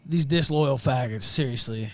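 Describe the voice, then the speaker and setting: A man's voice: mid-range voice, moderate pace, a bit bright, no room sound. A man hosting a livestream, delivering profane, mocking rant commentary. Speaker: livestream show host. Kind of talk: ranting commentary.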